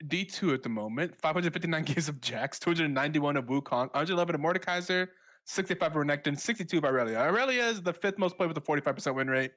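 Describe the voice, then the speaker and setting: A man's voice: fairly high pitch, quick pace, fairly bright tone. Chatty male esports caster. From southern United States. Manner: rambling and chatty, with frequent fillers and self-corrections. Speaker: esports shoutcaster. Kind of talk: casual live esports commentary.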